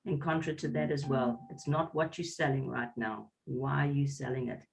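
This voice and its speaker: A man's voice: medium pitch, fairly even intonation, normal speed, vocal fry, hardly any pauses, distant mic. A man from South Africa giving an earnest motivational talk on a video call, in a repetitive, preachy cadence. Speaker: business partner closing a call.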